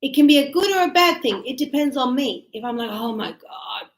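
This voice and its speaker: A woman teaching English grammar to learners, animated and acting out short dialogues as examples. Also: high-pitched, fast talker. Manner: animated, acts out little dialogues to illustrate usage. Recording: echoey room.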